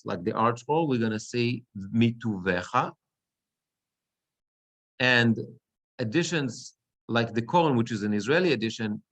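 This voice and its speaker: A man's voice: medium pitch, a bit bright. A cantor and rabbi teaching a class on prayer chanting. He explains step by step and often asks "right?" to check that his students follow.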